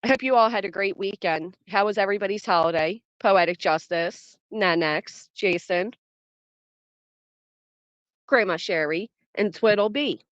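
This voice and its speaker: A woman's voice: mid-range voice, unhurried, a bit bright, no room sound. Woman in her 30s on a livestream, rattling off viewer names, dull dry lo-fi sound. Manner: chatty, greets viewers by name while reading chat. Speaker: livestream host. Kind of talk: casual livestream chat.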